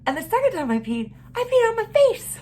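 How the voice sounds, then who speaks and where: Woman putting on a little kid voice, six-year-old girl, way up high and earnest. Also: very animated, a little fast, darkish tone, a little hiss or hum. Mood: proud. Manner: high squeaky child voice, pleading.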